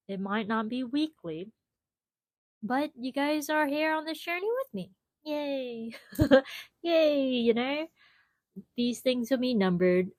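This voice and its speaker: A young woman hosts a casual solo podcast from home, talking in an easygoing, unhurried way. She laughs often and keeps calling her listeners y'all. Her voice comes through a small clip-on mic with a dry, close sound. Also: mid-range voice, no room sound. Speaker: podcast host.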